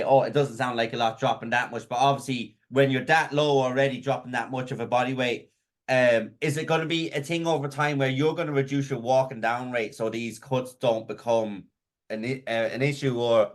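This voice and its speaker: A man's voice: mid-range voice, steady tone, moderate pace. A man interviewing a fighter, asking long, loose questions full of fillers. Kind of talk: casual interview.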